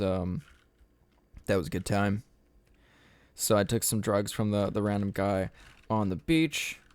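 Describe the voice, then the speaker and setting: Casual rambling man with a smooth, low voice. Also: dry recording. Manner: casual, rambling, swears often, laughs at own story. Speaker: podcast host. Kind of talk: rambling solo storytelling.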